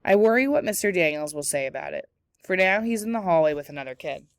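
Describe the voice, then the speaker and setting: A woman teacher reading a children's novel aloud in clear, steady storytelling narration. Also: fairly low pitch, fast, no echo, studio quality. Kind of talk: read-aloud book narration.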